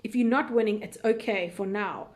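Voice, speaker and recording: A woman's voice: medium pitch, moderate pace. A woman hosting a live recap chat, thinking aloud with many fillers and answering viewer questions in a loose, unsure way.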